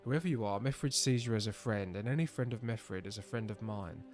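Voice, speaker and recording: A man voicing a stern, weary male rebel elder in a measured, solemn reading. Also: fairly low pitch, a little mellow, soft background music, lightly acted. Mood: grave.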